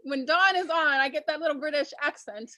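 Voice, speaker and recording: A woman's voice: high-pitched, brisk, pushed and bright. A woman co-host in a casual chat, playful and giggly.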